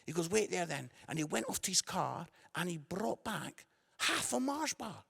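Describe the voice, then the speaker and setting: A man in his forties, an evangelist and comedian, delivering a gospel message through animated comic storytelling that turns earnest and gentle. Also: high voice, moderate pace, gravelly, husky. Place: live event venue.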